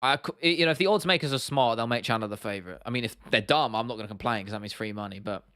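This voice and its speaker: A young man chatting on a livestream, giving blunt, opinionated takes and swearing freely. He often stops and restarts mid-sentence. His voice sits at an ordinary pitch and sounds close and dry, with no room around it. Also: very fast, a bit bright, clean tone, dry recording. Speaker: livestream host. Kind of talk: casual livestream chat answering viewers.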